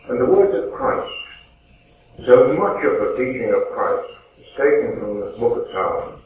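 A man giving an earnest, measured Bible talk to a congregation, repeating words for emphasis. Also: medium pitch. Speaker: lay preacher. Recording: distant, echoey, phone-like, faint hiss.

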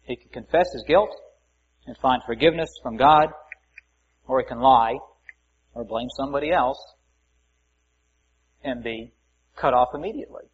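A man's voice: medium pitch, moderate pace, pauses often, slightly rough. A man preaching a conversational Bible-teaching sermon, reading scripture aloud and adding folksy asides. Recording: muffled lo-fi recording.

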